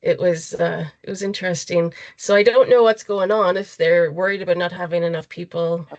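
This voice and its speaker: A woman's voice: on the low side, a little fast, muffled recording. A middle-aged woman, co-hosting a casual chat podcast and telling stories animatedly. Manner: animated storyteller who acts out other people's lines. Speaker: podcast co-host.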